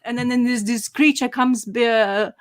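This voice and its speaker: Woman rambling on excitedly, lots of ums and restarts, pitched a bit high. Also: unhurried. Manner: rambling, enthusiastic, with many fillers and restarts. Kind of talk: casual chat.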